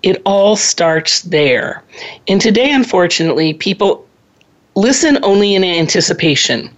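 A woman family counselor talking earnestly about parenting, clearing her throat now and then. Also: medium pitch, animated, measured pace, highs cut off. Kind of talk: radio advice talk.

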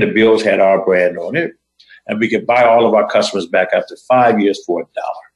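A man hosting a show, telling a motivational story in short phrases with dramatic, deliberate pauses. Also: on the low side, roomy sound, low-quality recording. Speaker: host.

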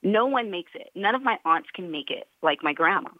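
Woman guest calling in, tinny phone sound, lowish voice, chatty and rambly. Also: lively intonation, fairly quick, no room sound. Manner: bubbly, rambling with fillers. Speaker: guest musician. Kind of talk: casual interview chat.

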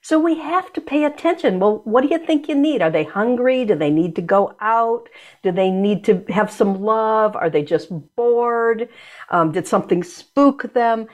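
A woman who works as an energy medicine practitioner speaks in a conversational interview, reflective and searching, often restarting her sentences. Her voice is fairly high and animated, and she talks a little slowly.

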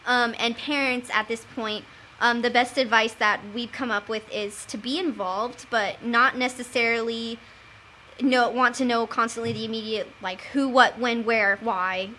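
A young adult woman chatting casually as a panelist, telling stories in an animated way. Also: a little high, moderate pace, slight background noise. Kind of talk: casual chat.

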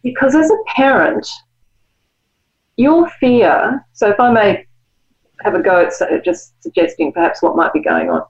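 A woman guest and author, explaining ideas in a measured, reflective way. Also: on the high side, sing-song, highs cut off. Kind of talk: conversational interview.

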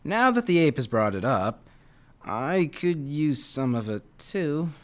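A man's voice: fairly high pitch, sing-song, takes it slowly, fairly bright tone, exaggerated voice. Man voicing a wry minstrel. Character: wry male minstrel, good-humored friend.

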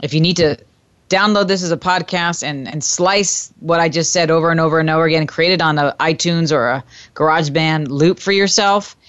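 A woman's voice: sits low, a little fast, a bit bright, lo-fi sound. A woman hosting a self-help radio talk show, coaching a listener emphatically and repeating phrases in chant-like sequences. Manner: addresses listener tenderly as "my dear".

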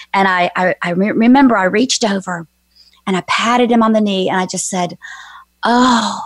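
A woman's voice: medium pitch, no room sound. Earnest woman telling a heartfelt story. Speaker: guest, author and former minister. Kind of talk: personal storytelling on a faith show.

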